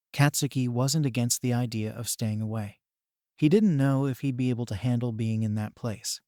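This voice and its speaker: A man narrating a fan-written story in a steady, even reading. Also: mid-range voice, dry recording, clean studio sound.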